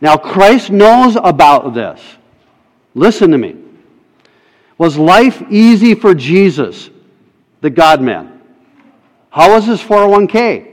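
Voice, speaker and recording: A man delivers a sermon at an unhurried, deliberate pace, his voice sitting slightly high. He presses his points emphatically and questions his listeners directly. The sound carries a long hall reverb, as if captured in a church sanctuary. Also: very animated. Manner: emphatic, rhetorical questions to the congregation. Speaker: pastor.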